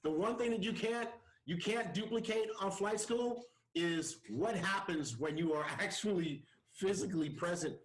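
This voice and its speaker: A man hosting a podcast, giving a lively pep talk with frequent repeats and restarts. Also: high-pitched, moderate pace, reverberant, poor audio. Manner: energetic, repeats himself, pep-talk style. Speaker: podcast host. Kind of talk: casual chat.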